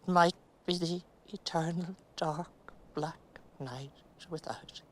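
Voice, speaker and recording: An actress playing Winnie, a rambling middle-aged woman trapped in a mound, in a halting theatrical monologue that sinks to near-whispers. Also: on the low side, steady tone, slight background noise. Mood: weary. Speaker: stage actress.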